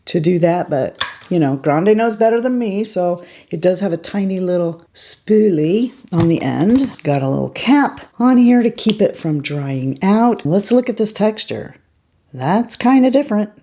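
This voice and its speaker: A woman's voice: medium pitch, lively intonation, a little slow, warm tone. A woman over fifty chatting casually to her viewers as she does her makeup in a beauty tutorial. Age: 50s or older. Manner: chatty, talks straight to viewers while applying makeup. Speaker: beauty vlogger.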